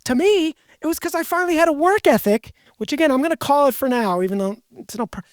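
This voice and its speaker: A woman's voice: high-pitched, animated, fast talker, no room sound, clean studio sound. A woman hosting a casual podcast conversation, rambling and correcting herself as she goes. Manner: rambling, self-correcting, chatty. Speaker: podcast host.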